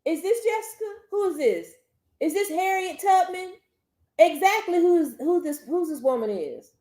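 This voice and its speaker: Animated woman hosting a book club. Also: extremely high pitch, moderate pace. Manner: animated, laughs often, exasperated; talks straight to viewers. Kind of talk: casual chat.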